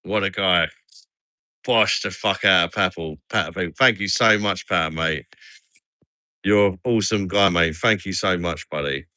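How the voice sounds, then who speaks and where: A chatty English man hosts a casual livestream and keeps calling people "mate". His voice is very low yet bright and forward. The sound is close and dry, with no room around it. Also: normal speed, no echo. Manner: chatty, says "mate" a lot. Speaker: livestream host. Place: outdoors at night in a resort town.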